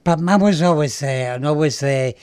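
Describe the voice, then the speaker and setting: A man's voice: a little high, moderate pace, darkish tone, smooth, no room sound. An older man from England, a guest in an interview, rambling through memories and repeating his words. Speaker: guest, self-advocate. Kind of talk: casual interview, reminiscing.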